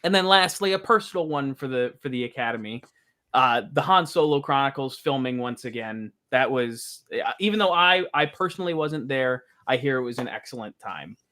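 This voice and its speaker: A man's voice: mid-range voice, expressive, bright, forceful tone. A man co-hosting a fan podcast, earnestly reading out award nominees with some stumbles. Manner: earnest, halting, stumbles over phrasing. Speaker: podcast co-host presenting categories. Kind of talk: casual chat.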